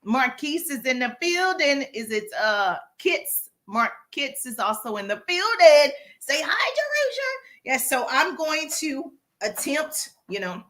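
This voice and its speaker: A woman with a Southern accent and a slightly high voice runs a lively livestream Q&A, cheering on the viewers and calling out their names from the chat. She is getting over a cough and talks while walking on a treadmill. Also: a little slow, hardly any pauses. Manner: upbeat, hypes viewers, greets chat by name. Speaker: livestream host, business coach. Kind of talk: live stream Q&A chat.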